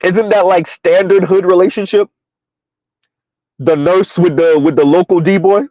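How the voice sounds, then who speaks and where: A man hosting a relaxed live commentary stream, chuckling as he reads out comments from his viewers. His voice sits a bit high for a man and is dry, with little room sound. The sound is muffled and lo-fi. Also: measured pace, no echo. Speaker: commentary channel host.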